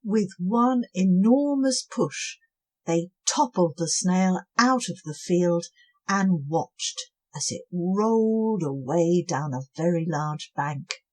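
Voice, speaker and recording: A woman reading a children's bedtime story aloud in a gentle way. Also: on the low side. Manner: slow and gentle, with lively swings.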